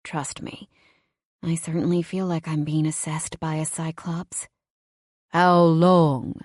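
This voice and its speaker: A woman narrating a first-person romance audiobook in a wry, conversational, expressive way. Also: deep voice, unhurried, slightly rough, no room sound, studio quality.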